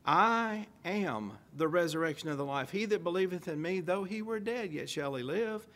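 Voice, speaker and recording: A man preaching a sermon, reading old-style scripture aloud with emphasis and asking rhetorical questions. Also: high voice. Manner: emphatic, stressing key phrases.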